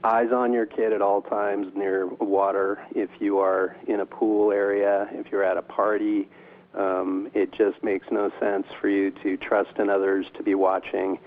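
A man's voice: on the low side, little pitch movement, unhurried. A man speaking as a doctor guest in an interview, hesitant with many ums and restarts. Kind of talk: interview over the phone. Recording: tinny phone line.

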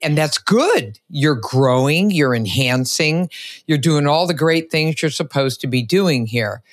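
A woman's voice: sits low, unhurried, dry recording, studio quality. Emphatic middle-aged woman host. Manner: energetic, emphatic, ranting. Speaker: podcast host. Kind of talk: enthusiastic interview chat.

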